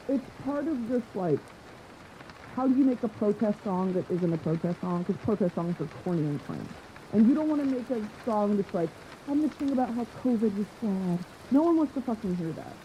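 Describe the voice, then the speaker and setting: A woman's voice: mid-range voice, expressive, normal speed, warm tone, slight background noise, rough recording. A woman hosting a podcast in casual chat, rambling enthusiastically and swearing often. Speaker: podcast host. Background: faint rain.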